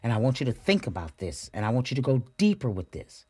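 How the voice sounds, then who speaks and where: A woman's voice: extremely low pitch, big pitch swings, fast, breathy edge, no room sound. A woman hosting a spiritual motivational podcast, talking straight to her listeners and repeating affirmations with emphasis. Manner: addresses listeners directly and warmly as a group. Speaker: podcast host.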